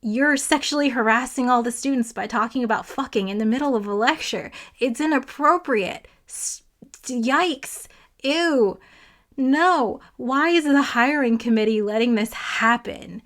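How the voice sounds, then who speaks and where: A woman who is a physicist gives a casual review of a novel to camera, sounding exasperated and sarcastic and leaning heavily on "like" as a filler. Her voice is slightly high and fairly bright, and she speaks at a measured pace.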